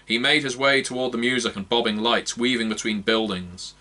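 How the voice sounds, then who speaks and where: A man narrating a fantasy novel aloud in a measured, expressive reading. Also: medium pitch. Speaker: audiobook narrator. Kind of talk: scripted narration.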